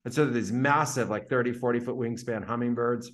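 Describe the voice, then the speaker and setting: A man's voice: medium pitch, fairly even intonation, fairly quick, a bit bright. A man telling a story, loaded with fillers. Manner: vivid retelling full of "like" fillers. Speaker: podcast guest. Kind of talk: casual storytelling.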